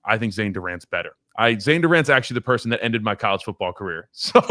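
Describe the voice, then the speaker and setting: A man's voice: mid-range voice, animated, fast talker, hardly any pauses, a bit bright, no room sound, studio quality. A man who once played college football, chatting casually on a sports podcast, rambling, repeating words and laughing at his own stories. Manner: rambling, self-deprecating, laughs while telling stories. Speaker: former college offensive lineman, guest.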